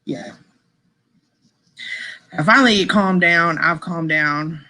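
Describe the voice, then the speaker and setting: Bright-voiced chatty woman streamer. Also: lowish voice, slow pace. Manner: chatty, rambling, laughs often, says y'all. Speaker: live stream host. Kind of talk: casual live stream chat with viewers.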